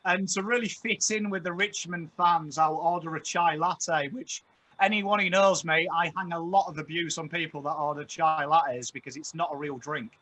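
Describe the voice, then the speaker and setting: Bright, wry-voiced man. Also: on the high side, fairly even intonation, moderate pace. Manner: wry, joking. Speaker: guest. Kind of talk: casual banter.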